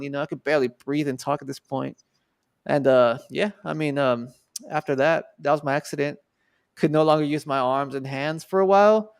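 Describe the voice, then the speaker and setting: Young texas guy rambling through a story, gravelly but smooth voice, cussing a lot. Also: a little high, fairly even intonation, normal speed, no echo, clean studio sound. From Texas, USA. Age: 20s. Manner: loose and profane, many fillers. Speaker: guest artist. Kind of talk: casual storytelling.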